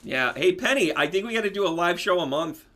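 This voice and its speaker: A man hosting a casual live stream as a spiritual medium and astrology teacher, chatting animatedly with viewers and breaking into loud laughter. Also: sits high, animated, fast.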